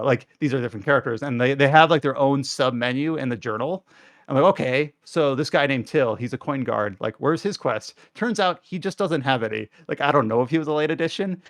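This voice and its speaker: A man's voice: medium pitch, a bit bright, dry recording, studio quality. A man co-hosting a podcast, giving a casual, rambling review with lots of fillers and restarts. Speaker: podcast co-host reviewing games.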